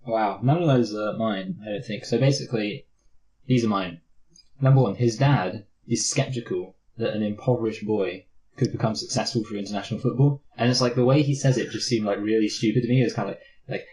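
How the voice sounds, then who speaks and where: On a roughly recorded movie-review chat, a co-host with a Mancunian accent wanders off-topic, pokes fun at himself and puts on silly voices. His voice sits lowish, a little mellow, and moves fairly quickly.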